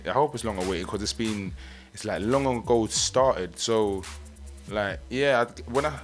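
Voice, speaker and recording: A man's voice: on the low side, unhurried. A man with a London accent, chatting casually as a guest in a radio studio interview, rambling in slang and tagging his lines with "innit". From England. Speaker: guest, MC and producer. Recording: radio studio with faint music behind.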